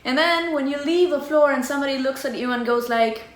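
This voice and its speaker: A middle-aged woman from Buenos Aires with an Argentine Spanish accent. She is a tango teacher explaining culture in a chatty, expressive way and acts out little scenes. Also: high voice, fairly quick. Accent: Argentine Spanish (porteño). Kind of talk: casual explanatory vlog. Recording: echoey room with faint ambience.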